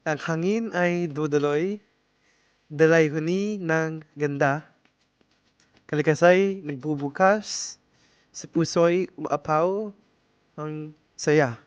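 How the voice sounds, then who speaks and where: Guy reading as a lady poet, quiet even recital, slow. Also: on the high side, clean tone, no echo, lo-fi sound. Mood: earnest. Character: female poet reciting at an open mic.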